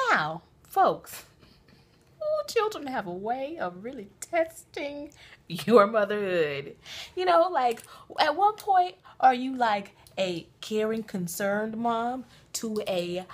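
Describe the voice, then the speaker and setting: A woman's voice: fairly high pitch, big pitch swings, takes it slowly. A mother chatting animatedly in a casual vlog, recorded on a phone inside a moving minivan. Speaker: mother and vlogger. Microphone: phone camera.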